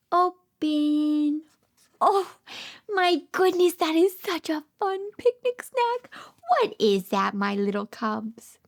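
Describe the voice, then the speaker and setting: High sing-song woman reading to toddlers. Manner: sing-song, gasping with delight, drops to soft whispers. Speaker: speech therapist reading to toddlers. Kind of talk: children's picture-book read-aloud.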